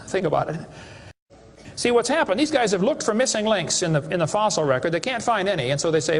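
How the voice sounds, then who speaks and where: A man's voice: high voice, lively intonation, fast, long reverb tail. A man giving a creationist seminar lecture to an audience, sarcastic and mocking as he tells stories.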